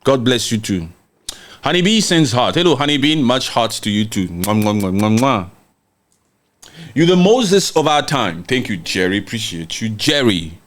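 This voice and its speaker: Very animated and slightly bright, this medium-pitched voice belongs to a man from Congo hosting a podcast livestream at normal speed. He reads out viewer comments with heat and emphasis, frequently repeating himself.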